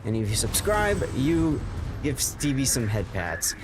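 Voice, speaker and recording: A man hosting a game livestream, chatting casually to viewers in a rambling way, with bursts of excited greetings. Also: mid-range voice, measured pace, noisy background. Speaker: game streamer and host.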